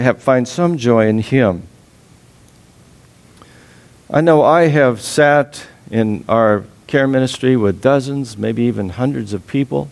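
A man preaching a sermon as a pastor, expressive, laughing often and dropping soft and low on sad points.

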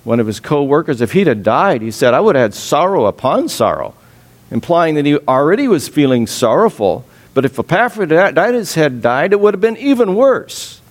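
A male pastor delivers a sermon at a moderate pace, speaking expressively. He laughs often and lets his voice drop soft and low when he reaches sad points.

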